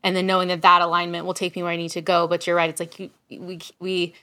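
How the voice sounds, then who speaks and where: A woman's voice: lowish voice, completely flat delivery, quick pace, sharp tone. A woman in casual conversation, reflecting and thinking aloud, with plenty of fillers like "like" and "kind of". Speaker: coach.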